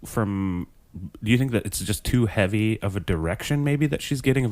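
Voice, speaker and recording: Lively low-voiced man cracking jokes. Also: no room sound. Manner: joking, chiming in with quick reactions. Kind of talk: casual chat.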